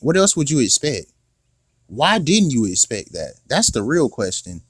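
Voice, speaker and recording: A man's voice: mid-range voice, sing-song, measured pace, husky, no room sound. A man hosting a reaction video, arguing his point in slangy, repetitive questions. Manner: argumentative, repeats questions, slangy. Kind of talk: casual reaction commentary.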